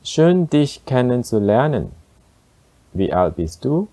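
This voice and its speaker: A man reading the part of a friendly thirty-year-old in a slow textbook dialogue. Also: mid-range voice, big pitch swings, warm tone, pitched above the performer's own voice.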